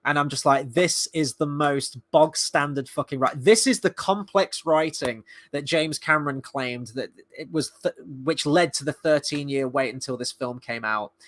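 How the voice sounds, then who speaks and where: A man's voice: a little high, normal speed, few pauses, fairly bright tone. A man giving a blunt, exasperated film review in casual, sweary talk.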